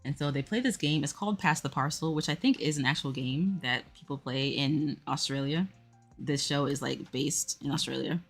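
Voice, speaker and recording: Low-voiced woman chatting on a livestream. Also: moderate pace, soft background music. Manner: rambling, lots of "like" fillers; talks to chat while working a jigsaw. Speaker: puzzle livestream host. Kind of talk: casual livestream chat.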